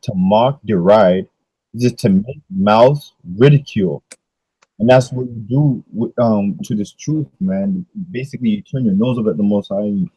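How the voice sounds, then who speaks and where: A man's voice: on the low side, dark tone, husky, no echo, low-quality recording. Man preaching with rhetorical questions. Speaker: religious discussion leader. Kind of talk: casual religious discussion.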